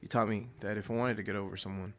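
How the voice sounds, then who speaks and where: A man's voice: fairly low pitch, flat delivery, rapid-fire, a bit bright, faint music behind. A man voicing his young ex-girlfriend in a slightly raised, matter-of-fact voice as he retells a story. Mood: blunt. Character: his ex-girlfriend, young woman, blunt and teasing.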